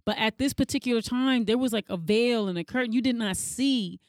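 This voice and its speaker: A woman co-hosting a casual chat, telling stories with lively energy and acting out what others said. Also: brisk, dry recording, clean studio sound. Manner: animated storyteller, acts out quotes in a high voice.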